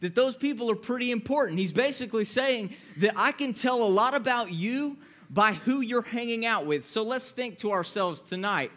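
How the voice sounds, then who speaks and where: A man's voice: very high-pitched, animated, normal speed, a bit bright. A young man giving a youth sermon in a playful, joking way, acting out voices to make his point. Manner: playful, jokey, acts out voices. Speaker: youth pastor.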